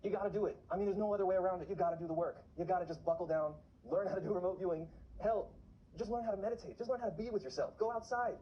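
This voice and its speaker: A man's voice: high-pitched, rapid-fire, dull audio, a little hiss or hum. A man talking to camera in a casual vlog, urgently exhorting his viewers. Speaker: vlogger on remote viewing.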